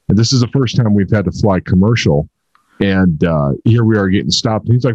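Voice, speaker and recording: A man's voice: on the low side, animated, fairly quick, darkish tone, husky, no room sound. A man from California telling a rambling travel story in a casual chat. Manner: rambling, conversational. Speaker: paintless dent repair technician. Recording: dull lo-fi audio.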